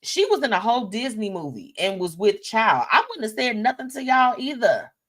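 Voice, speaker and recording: A woman's voice: fairly high pitch, moderate pace. Sassy woman hosting live gossip talk. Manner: animated and sassy, reads viewer comments aloud. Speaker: live show host. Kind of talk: casual celebrity gossip commentary.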